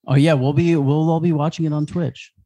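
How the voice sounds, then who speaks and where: A man's voice: on the high side, fairly even intonation, fairly quick, warm tone. A man co-hosting a podcast in casual chat, teasing and wisecracking. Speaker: podcast co-host.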